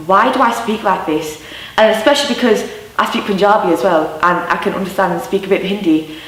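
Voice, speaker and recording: A woman in her twenties with a broad Yorkshire accent recalls her childhood in a loose, chatty way, full of fillers and restarts. Her voice sits at a middling pitch. She sounds a little distant from the microphone, with a roomy echo around her. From Yorkshire, England. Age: 20s. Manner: chatty, warm storytelling with many fillers. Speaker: interviewee. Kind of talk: candid personal recollection.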